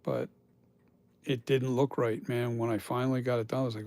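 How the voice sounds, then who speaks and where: Gravelly, rambling man on a live stream. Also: medium pitch, level tone, normal speed, a little mellow. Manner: rambling, chatty, swears casually, laughs often. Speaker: mask sculptor on a live stream. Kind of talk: casual live-stream chat.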